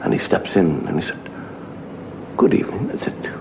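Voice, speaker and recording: A man telling a comic horror story with a dramatic delivery, dropping to a hushed whisper and swelling again. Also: a little fast. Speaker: comedian storyteller. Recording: dull hissy old TV recording.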